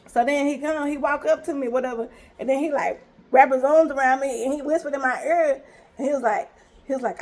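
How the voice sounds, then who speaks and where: High-voiced woman telling a story. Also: quick pace. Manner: animated, retells scenes with quoted dialogue. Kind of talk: casual storytime vlog.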